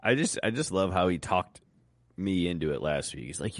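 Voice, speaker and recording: A man co-hosts a sports podcast, his pitch leaping all over as he tells a story. The sound is dry and close. He brags and swears freely. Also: moderate pace, no room sound. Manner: boastful, swearing, animated storytelling. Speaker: podcast co-host. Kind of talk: casual sports betting chat.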